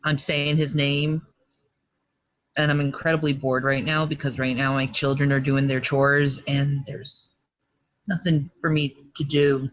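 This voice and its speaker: Woman, Minnesota accent, from the South, rambling livestream talk, scattered, very slow, muffled video-call audio. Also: a bass voice, level tone. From American South. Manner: scattered, talks to her children mid-stream. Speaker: live video streamer. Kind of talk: rambling live hangout monologue. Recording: dull lo-fi hangout audio.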